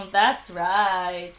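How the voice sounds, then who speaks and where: A woman's voice: medium pitch, fairly bright tone, a little hiss or hum. A woman teaching English to children, patient and encouraging, with playful animal sounds. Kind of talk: children's ESL lesson.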